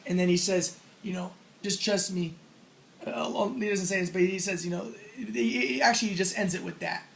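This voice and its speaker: A man's voice: high voice, fairly quick, vocal fry, slight background noise, poor audio. A man giving a casual spoken lecture on religion, rambling as he explains and acting out the lines he quotes.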